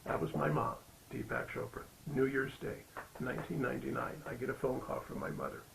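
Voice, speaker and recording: Man, gravelly voice, sermon, chatty storytelling, faint hiss. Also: medium pitch, big pitch swings, brisk. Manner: conversational storytelling with frequent fillers. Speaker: spiritual practitioner giving the Sunday talk.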